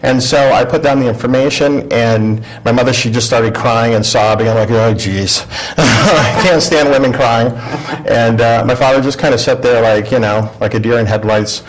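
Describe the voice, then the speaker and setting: A man's voice: mid-range voice, fairly even intonation, normal speed, poor audio. A middle-aged man, a guest on a talk show, telling a personal story in a casual way. He acts out the voices he quotes and often restarts his sentences.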